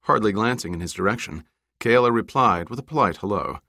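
In this scripted audiobook narration, a man with a fairly low pitch keeps an even, measured pace. It's studio-quality audio free of any room sound.

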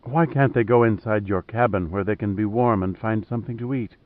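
A man voicing a soft-spoken, stubborn woman. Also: fairly low pitch, a little fast, no room sound, close to an everyday voice. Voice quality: slight huskiness. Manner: soft, quiet delivery. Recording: narrow phone-like sound.

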